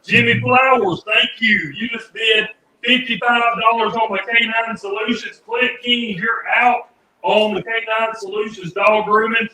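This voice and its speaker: A man hosting a live radio auction, calling out bids loudly and joking with callers. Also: very high-pitched, unhurried, reverberant, rough recording. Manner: energetic, loud, joking.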